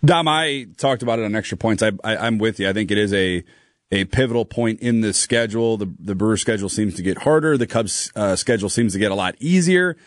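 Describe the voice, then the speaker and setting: A man's voice: fairly low pitch, expressive, a little fast, dry recording, studio quality. A man co-hosting sports radio, asking the guest questions from a fan's view. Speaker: radio co-host.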